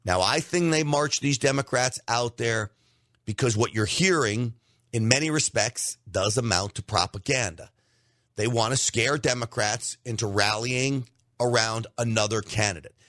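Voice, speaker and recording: A man's voice: mid-range voice, moderate pace, a bit bright, no echo, studio quality. A man hosting an opinionated political commentary show, talking emphatically and repeating words for stress.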